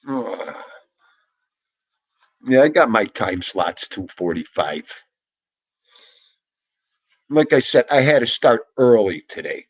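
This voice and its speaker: A man's voice: on the low side, big pitch swings, slow, long pauses, breathy edge. Rambling man on a lo-fi home stream. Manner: rambling, talks to his dog and to viewers in the comments. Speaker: host of a dog live stream. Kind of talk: casual live-stream chat. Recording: dull lo-fi home stream audio.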